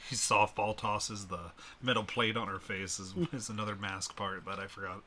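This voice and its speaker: A man's voice: lowish voice, steady tone, normal speed, pushed and bright, a little hiss or hum. A man co-hosting a casual podcast chat about a film, laughing often and restarting his sentences. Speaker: podcast co-host.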